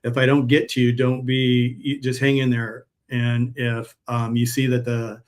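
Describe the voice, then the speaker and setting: A man's voice: medium pitch, monotone, measured pace. A man chatting casually on a live stream while packing orders, telling rambling stories in a friendly sales manner. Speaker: herbal pet supplement seller.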